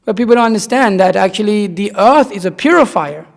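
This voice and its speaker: Guy teaching scripture, high gravelly voice, big hall echo. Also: expressive, brisk. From Nepal. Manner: rambling, repeats himself for emphasis. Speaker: spiritual teacher. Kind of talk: conversational scripture class. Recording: long reverb in a hall.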